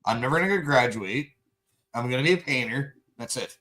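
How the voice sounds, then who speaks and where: A man hosting a late-night casual chat, rambling and swearing freely, with an animated, profane delivery. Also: medium pitch, fairly quick, slight background noise, low-quality recording. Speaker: podcast host.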